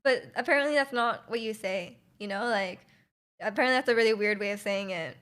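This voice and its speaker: A woman's voice: medium pitch, fairly quick, a bit bright. A woman streamer chatting casually with her livestream chat, giggling often and reacting to messages.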